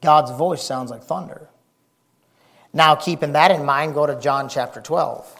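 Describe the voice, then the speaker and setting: A man preaching a folksy, excitable sermon, shouting and whispering for effect. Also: a little high, measured pace.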